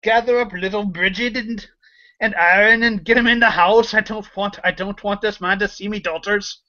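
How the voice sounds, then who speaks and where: A man voicing a suspicious frontier settler father who talks in a rough, blustery rural drawl. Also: high-pitched, fairly even intonation, normal speed, sharp tone, pitched above the performer's own voice. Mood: worried orders. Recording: dull lo-fi recording.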